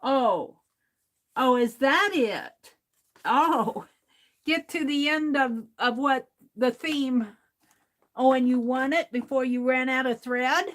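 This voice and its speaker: A woman's voice: sits high, slow pace, fairly bright tone. A woman hosting a crafting livestream, chatting casually, thinking aloud and talking to her viewers. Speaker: livestream host.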